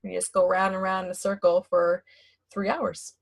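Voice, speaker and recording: A woman's voice: on the low side, little pitch movement, normal speed, vocal fry. A woman co-hosting a podcast, chatting casually and hesitantly with many restarts. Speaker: podcast co-host. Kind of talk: casual chat about knitting.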